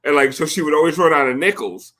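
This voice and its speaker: Bright-voiced guy spinning a story on a podcast, swears a lot, slightly high voice. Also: fast. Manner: animated, profane, acts out quotes. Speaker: podcast host. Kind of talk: casual storytelling chat.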